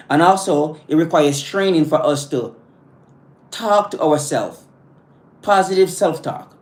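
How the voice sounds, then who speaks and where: A man talking to his live-stream audience about positive self-talk. He speaks earnestly and bluntly, often restarting and repeating words, and breaks off to greet viewers by name. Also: fairly high pitch. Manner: blunt, casual phrasing.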